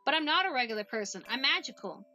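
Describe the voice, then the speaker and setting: Woman reading as a young witch girl, high lively voice, formal and careful, polite, visual novel character. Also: fast talker, faint music behind. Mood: earnest.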